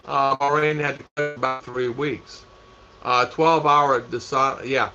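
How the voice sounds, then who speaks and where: Bright-voiced rambling man on a livestream. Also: mid-range voice, fairly even intonation, unhurried, faint music behind. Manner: rambling, repeats himself, laughs a lot. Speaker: vlog host reading live chat. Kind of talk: casual livestream chat. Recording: dull lo-fi stream audio.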